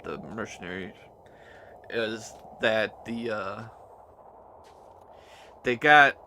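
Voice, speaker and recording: A man's voice: lowish voice, fairly bright tone, a little hiss or hum. A man recapping his tabletop campaign as game master, rambling and hesitant with many fillers and restarts.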